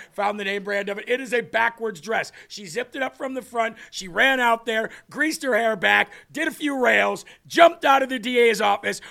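A man's voice: high-pitched, creaky, pushed and bright. A man hosting a political livestream, talking in a brash, mocking, rambling way and turning often to his co-host. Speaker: political talk show host. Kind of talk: livestream commentary.

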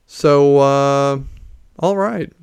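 Guy rambling on his own show, lots of uh and you know, smooth voice, dry close mic. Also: mid-range voice, very slow, darkish tone, dry recording. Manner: rambling, with many fillers and restarts. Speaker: podcast host. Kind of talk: casual solo commentary.

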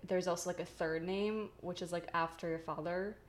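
A young woman from Ukraine with a Ukrainian accent, a podcast guest explaining things in relaxed, casual talk. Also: lowish voice, normal speed. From rural Ukraine. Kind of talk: casual chat.

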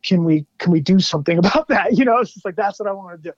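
A man guesting on an interview show, telling animated stories in a casual chat, laughing often and saying "like" a lot. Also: sits high, quick pace, husky, no room sound, lo-fi sound. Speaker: guest musician.

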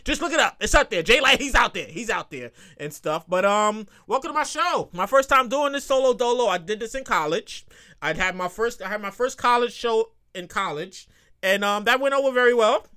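A man hosting his own podcast at night, talking in a loud, projected radio voice and rambling with restarts. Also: high voice, smooth. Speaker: podcast host. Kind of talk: casual solo podcast talk.

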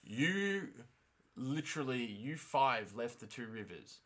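A man's voice: mid-range voice, big pitch swings, slow pace, a bit bright. A man co-hosting a podcast, recapping a TV episode in casual, profanity-laced chat and acting out the characters' lines. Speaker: podcast co-host.

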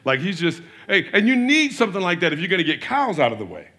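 A man preaching a lively sermon in a husky, slightly raised voice. He fires off rhetorical questions and swings from punchy emphasis to near-quiet asides. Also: sits high, fast. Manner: animated, with rhetorical questions and big swings in loudness. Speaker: pastor.

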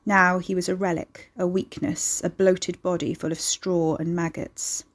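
A woman reading scripted horror story narration in a measured, deliberate way. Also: on the low side, flat delivery.

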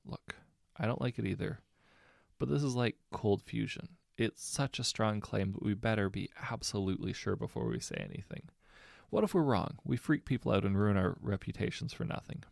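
A man voicing a worried middle-aged scientist who speaks carefully and wearily, with a low, gravelly voice. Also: animated, moderate pace, darkish tone, no echo, studio quality. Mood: cautious. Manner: careful, weary.

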